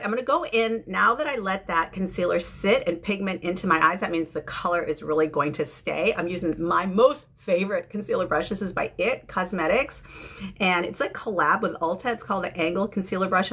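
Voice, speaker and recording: Woman, 50s, from San Francisco, makeup livestream chat, gravelly, husky, greets viewers. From San Francisco, USA. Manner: chatty, greets viewers by name, bursts of high excitement. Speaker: beauty creator.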